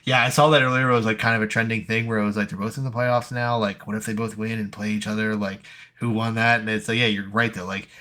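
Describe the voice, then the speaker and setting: A young man co-hosting a casual sports podcast, telling animated stories and swearing freely. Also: on the low side, fast. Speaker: podcast co-host.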